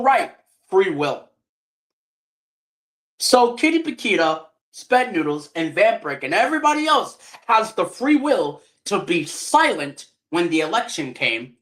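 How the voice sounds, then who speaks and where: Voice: mid-range voice, fairly bright tone. A streamer in a heated, profane political rant who keeps asking rhetorical questions. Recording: roomy echo.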